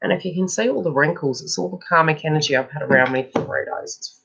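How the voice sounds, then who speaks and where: A woman's voice: low voice, fast, vocal fry, a bit bright, breathy edge, lo-fi sound. A woman giving a casual, chatty live tarot reading. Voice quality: chatty, breaks off to talk to people nearby. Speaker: psychic tarot reader.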